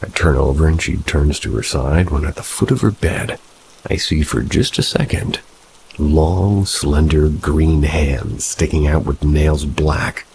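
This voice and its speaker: A man narrates a spooky first-person tale in a steady, unhurried way. His voice sits extremely low, with a rough, gravelly fry. Faint rain can be heard behind him. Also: slight background noise, poor audio. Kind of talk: horror story narration.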